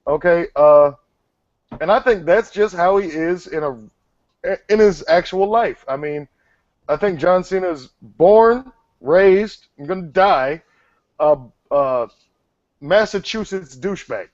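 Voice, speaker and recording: A man with a high voice speaks slowly while hosting his own interview show, bantering with his guest in a blunt, teasing, profane way. It's casual interview chat, recorded dry with muffled lo-fi sound and no room audible.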